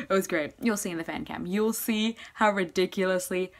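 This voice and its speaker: A young woman vlogger telling a story casually, gushing and excitable, with her speech full of "like". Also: medium pitch, moderate pace.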